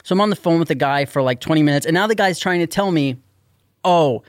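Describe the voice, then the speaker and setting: A man telling a story on a podcast in casual chat, animated and exasperated, swearing often. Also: a little high, fast, no room sound, studio quality. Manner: animated, profane, exasperated ranting. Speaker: podcast host.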